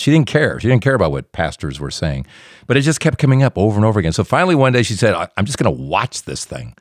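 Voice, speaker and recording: A man's voice: fairly low pitch, no room sound, clean studio sound. A man hosting a faith podcast, retelling a guest's story with folksy asides. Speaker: podcast host.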